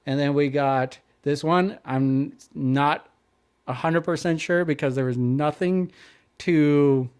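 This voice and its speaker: A man's voice: fairly high pitch, steady tone, slow pace, darkish tone, smooth. A man co-hosting a podcast, reading through follow-up notes in casual chat with fillers. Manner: reads notes and lists, hesitant with fillers. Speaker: podcast co-host.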